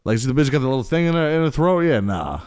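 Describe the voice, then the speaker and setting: A man's voice: medium pitch, big pitch swings, fast, darkish tone, clear, resonant tone. A man co-hosting a podcast, chatting casually and teasing his friends with incredulous questions. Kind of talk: casual chat.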